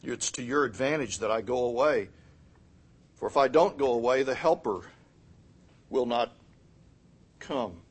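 Male pastor, middle-aged, husky tone, lively sermon delivery. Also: mid-range voice, a little slow, pauses often. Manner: animated, swings from loud emphatic to quiet, acts out quotes.

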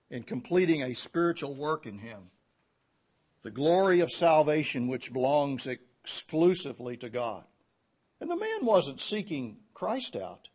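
A man preaching an expository sermon, teaching verse by verse and moving between loud emphatic runs and hushed low phrases. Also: breathy edge. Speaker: pastor.

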